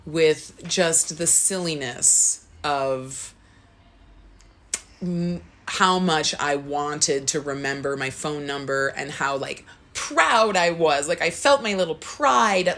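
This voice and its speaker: Podcast co-host, woman, low voice, earnest storyteller who acts out her inner voice. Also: slow, sharp tone. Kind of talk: casual spiritual chat.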